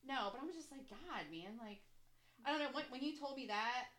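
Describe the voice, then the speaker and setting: A woman's voice: high voice, normal speed. A woman co-hosting a casual chat show, talking in a loose, profane way with lots of "like". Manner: profane, frequent "like", animated gossipy delivery. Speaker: podcast co-host. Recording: echoey room.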